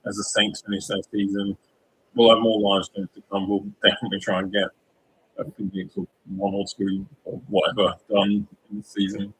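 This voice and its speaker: A man's voice: lowish voice, little pitch movement, normal speed, a bit bright, husky, low-quality recording. A young man co-hosting a casual sports livestream, rambling with lots of likes and ums. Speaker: livestream co-host.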